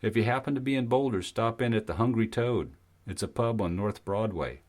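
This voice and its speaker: Narrator doing a breezy British climber. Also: male voice, on the low side, brisk, darkish tone, close to an everyday voice. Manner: lighthearted, easygoing. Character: friendly young British male climber.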